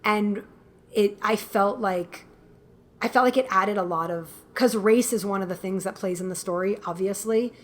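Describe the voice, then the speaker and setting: A woman guest filmmaker talking in a casual interview, animated and quick to laugh, acting out what people said. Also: mid-range voice. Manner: animated storyteller, laughs often, acts out quotes.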